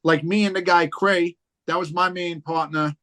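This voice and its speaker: A man's voice: high voice, fairly even intonation, normal speed, a bit bright. A man, a guest on a casual chat show, telling rambling stories full of fillers and swearing. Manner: rambling, profane storytelling with many fillers. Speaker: podcast guest, rapper.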